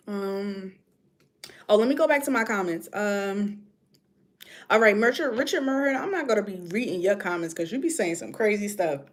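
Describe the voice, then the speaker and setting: Animated New York woman chatting. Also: mid-range voice, moderate pace. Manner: chatty, animated, drifts between topics. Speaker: livestream host reading comments. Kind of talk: casual chat.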